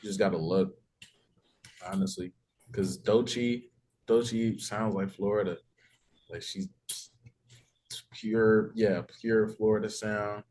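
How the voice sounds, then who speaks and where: A man's voice: lowish voice, steady tone, slow, pauses often, a little mellow, a little hiss or hum. A man from Detroit co-hosting a podcast, easygoing and agreeable in casual chat. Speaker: podcast co-host.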